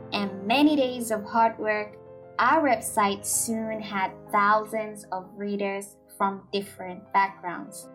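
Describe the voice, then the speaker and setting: Slow, earnest young woman reading a story. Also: mid-range voice. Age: young adult. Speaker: story reader. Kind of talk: scripted narration.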